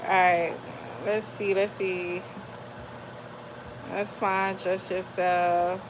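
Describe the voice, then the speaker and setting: A woman's voice: lowish voice, level tone, drawn-out words, noisy background. Chatty woman cooking live for viewers. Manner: chatty, talks straight to viewers, reads out comments. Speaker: cooking livestream host. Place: home kitchen.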